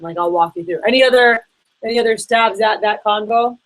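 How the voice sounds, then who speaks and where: Woman coaching sales reps, casual and chatty, mid pitch, acts out calls. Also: quick pace, rough recording. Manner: chatty, acts out phone calls in quoted voices. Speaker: sales trainer.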